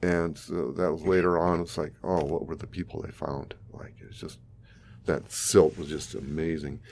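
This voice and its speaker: A man's voice: deep voice, darkish tone, a little hiss or hum. A man in his sixties from South Dakota, telling a vivid personal story with an occasional chuckle. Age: 60s. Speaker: flood survivor interviewee.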